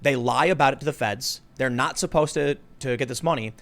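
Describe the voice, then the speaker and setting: A man hosting a casual political podcast, talking fast and animated, sometimes mimicking voices for jokes, bothered by allergies. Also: mid-range voice, vocal fry. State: suffering from allergies. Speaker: podcast host.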